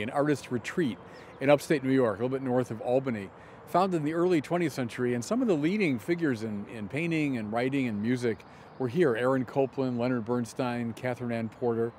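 A middle-aged man, a bishop, gives an emphatic teaching commentary outdoors in a garden, slowing down deliberately on key words. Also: mid-range voice, a little mellow, slight background noise.

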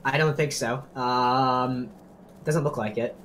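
A man chatting with friends while playing a game, goofy and excitable, cracking jokes. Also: medium pitch, takes it slowly, a little hiss or hum. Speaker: player. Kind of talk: casual multiplayer gaming chat.

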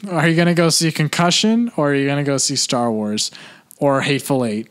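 Chatty man giving movie verdicts. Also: on the high side. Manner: chatty, quick agreeing interjections, gives verdicts. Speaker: podcast co-host. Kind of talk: casual movie chat.

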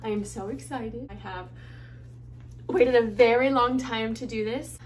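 Young woman, casual vlog, excitable, high pitched, slow delivery. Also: a little hiss or hum. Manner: excitable, gasping, exclaims often. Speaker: vlogger.

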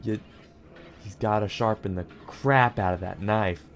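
A man's voice: fairly low pitch, normal speed, slight background noise. A man commenting casually on a game as he plays, joking and talking to the character on screen. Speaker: gaming channel host. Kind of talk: casual let's-play commentary. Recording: game music playing behind.

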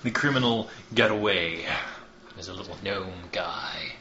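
A man's voice: low voice, a little slow, pushed and bright. A man hosting a podcast and narrating a tabletop game as game master, casual and joking with lots of ums. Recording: dull, roomy lo-fi recording.

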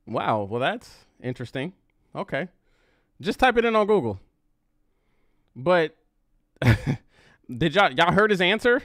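A man hosting a casual reaction livestream, laughing and chatting with his viewers in an animated way. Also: on the high side, unhurried, pauses often, no echo, clean studio sound. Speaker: reaction video host.

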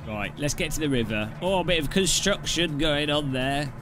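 A man's voice: a little high, lively intonation, normal speed. A man casually chatting and joking while live-streaming a game, swearing now and then. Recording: clear background music. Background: background music.

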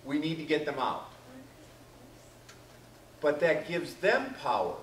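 A man's voice: a little high, very animated, takes it slowly. A male teacher lectures a class, calling on students by name and acting out what people say. He is picked up from a distance in a reverberant classroom, with a faint hum behind him. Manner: questions students by name, acts out quoted lines. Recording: echoey classroom from far off.

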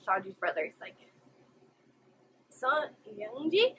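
A woman's voice: high voice, measured pace, pauses often, slight background noise, rough recording. A woman hosting an anime reaction video, exclaiming and gasping as she watches. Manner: expressive, exclaiming and gasping at the screen. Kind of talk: live reaction commentary.

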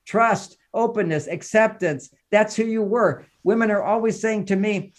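A man's voice: normal speed, few pauses. Emphatic man giving relationship advice. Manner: emphatic and lecturing, rising in pitch and volume for emphasis; repeats phrases in lists. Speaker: relationship author and counselor, podcast guest. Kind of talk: animated advice talk in an interview.

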